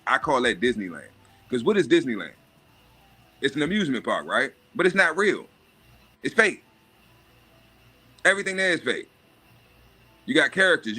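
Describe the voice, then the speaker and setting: Brief: adult man, livestream host, blunt and animated, punchy bright tone. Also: mid-range voice. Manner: profane, animated rant with mocking put-on voices. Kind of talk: casual monologue.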